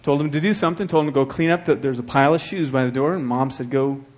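Husky pastor guy preaching, goes quiet then loud and fired up. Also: fairly high pitch, rapid-fire. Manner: swings from hushed to loud and fervent. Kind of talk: sermon.

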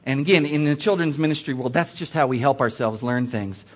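A man preaching a sermon, reading scripture and explaining it with expressive storytelling asides. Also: medium pitch, a little fast. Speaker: preacher in children's ministry. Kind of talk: sermon teaching from Bible text.

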